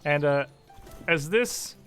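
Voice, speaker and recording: A man runs a tabletop fantasy session as game master with a bright, forward voice that sits a touch high. He narrates in a loose, laughing way, swearing casually as he goes. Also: animated, slow pace, faint music behind.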